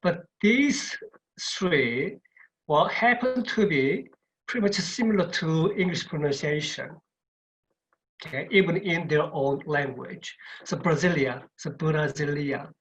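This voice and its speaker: A man's voice: on the high side, lively intonation, takes it slowly, a bit bright. A man lecturing in an online webinar, repeating words and checking in with "okay" as he goes. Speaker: university lecturer. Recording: dull lo-fi webinar audio.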